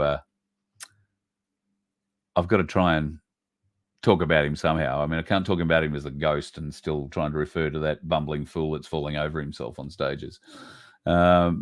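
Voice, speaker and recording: A man hosting a livestream, ranting bluntly with swearing and reading out viewer comments. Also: extremely low pitch. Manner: blunt, swearing, ranting with sudden loud bursts. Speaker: livestream host.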